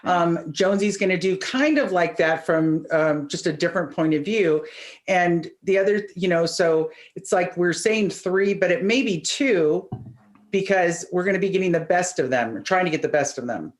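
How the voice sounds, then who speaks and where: A man with a notably high voice for a man, laying out plans in a casual podcast chat. He talks in loose, restarting phrases with frequent fillers. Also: normal speed. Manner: explains plans, many fillers. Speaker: podcast co-host.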